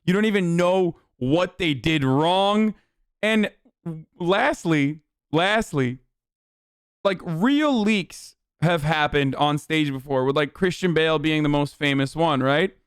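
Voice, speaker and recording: A man's voice: a little high, animated, takes it slowly, clear, resonant tone, no echo, clean studio sound. A man hosting a live stream, talking casually, heated and incredulous, and swearing a lot. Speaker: streamer host.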